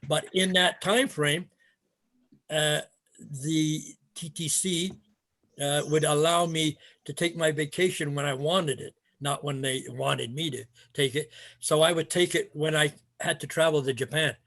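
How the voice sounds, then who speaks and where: In a casual storytelling interview, this retired martial arts instructor from Canada, an older man, rambles along with plenty of fillers and restarts. He speaks at a measured pace, his voice a little high, steady and fairly bright.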